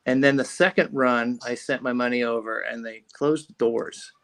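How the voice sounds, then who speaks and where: A man's voice: mid-range voice, fairly even intonation, moderate pace, fairly bright tone. A man being interviewed on a podcast, telling a rambling story with lots of restarts and fillers. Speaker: podcast guest, fishing rod company founder.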